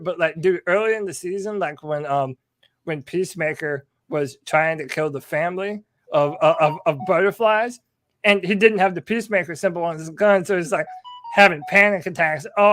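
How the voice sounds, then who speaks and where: High-voiced excitable man co-hosting a podcast. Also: normal speed. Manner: excitable, says "dude" often. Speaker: podcast co-host. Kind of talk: casual chat.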